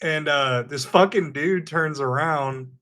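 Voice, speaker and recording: A man telling a story on a podcast in animated casual chat, swearing freely and saying dude and bro. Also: a little high, slow pace. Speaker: podcast co-host.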